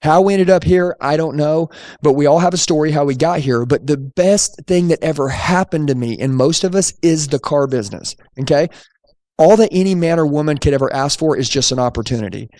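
Man, forties, brisk lively storytelling, acts out voices, dry close sound. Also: on the high side, dry recording. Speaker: car sales speaker. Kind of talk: storytelling to an audience.

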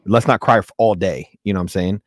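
Male co-host, very deep voice, halting delivery, dry close mic. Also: no room sound. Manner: searching for words, many ums and restarts. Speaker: podcast co-host. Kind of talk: casual podcast chat.

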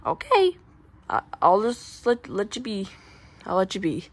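A woman's voice: medium pitch, sing-song, measured pace, breathy edge. A woman voicing a female bear friend who scolds and stumbles over her words. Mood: teasing warning.

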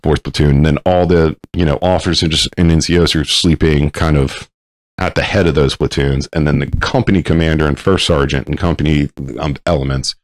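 A man co-hosting a veteran talk show, telling a barracks story in casual chat, animated, swearing and shouting out the lines of the people in his story. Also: very deep voice, fairly quick, no room sound. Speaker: veteran podcast co-host.

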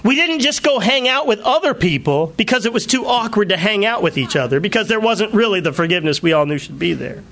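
A male pastor preaching a sermon, telling personal stories in an animated way and laughing often. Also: high-pitched, fast talker, few pauses. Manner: animated storytelling with frequent laughter.

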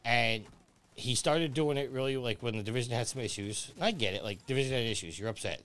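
A man's voice: medium pitch, fast talker, a bit bright. A man hosting a game stream, rambling casually through gaming talk and chuckling often. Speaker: streamer host.

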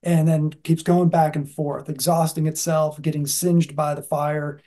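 A man giving a casual Zen dharma talk as the teacher, folksy and halting, with many "uh"s and "um"s as he gathers his thoughts. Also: a little high, level tone, mellow.

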